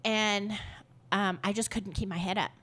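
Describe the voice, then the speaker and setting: A woman's voice: medium pitch, steady tone, normal speed, bright, forceful tone. A woman guest on a podcast, telling a personal story in a loose, rambling way, full of fillers and laughs. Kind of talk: casual storytelling.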